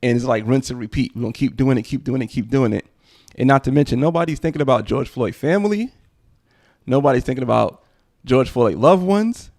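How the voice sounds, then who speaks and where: A man's voice: medium pitch, expressive, fairly quick, darkish tone, no room sound, studio quality. A man hosting a casual commentary livestream, rambling conversationally. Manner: rambling, conversational, frequent "you know what I'm saying". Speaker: livestream host.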